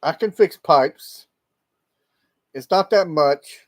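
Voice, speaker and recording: A man's voice: on the high side, takes it slowly. A man chatting casually on a livestream, rambling and laughing often. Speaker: livestream host. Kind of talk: casual live chat with viewers. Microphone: laptop microphone.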